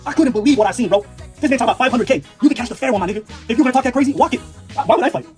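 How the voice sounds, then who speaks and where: A man's voice: extremely high pitch, animated, racing, faint music behind. A man ranting in a clip, brash and mocking, heated and full of laughter. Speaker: online commentator. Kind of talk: profane reaction rant.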